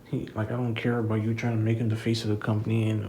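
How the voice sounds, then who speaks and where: A man's voice: fairly low pitch, completely flat delivery, quick pace, warm tone, a little hiss or hum, low-quality recording. A man giving a casual, rambling wrestling review, frustrated and swearing freely. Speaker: wrestling commentator vlogger.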